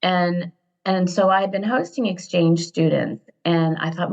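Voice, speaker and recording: Fifties American woman, interview guest; low, husky-fried timbre; lively rambling anecdotes; lo-fi recording. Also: moderate pace. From Ohio, USA. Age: 50s. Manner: animated, digressive storyteller who laughs often. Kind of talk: casual storytelling interview. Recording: dull lo-fi sound.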